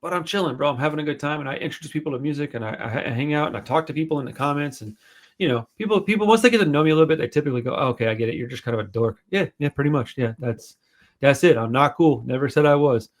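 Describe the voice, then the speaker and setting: A man's voice: fairly high pitch, rapid-fire. A man hosting a podcast in casual chat, rambling and swearing freely, self-deprecating. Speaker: podcast host.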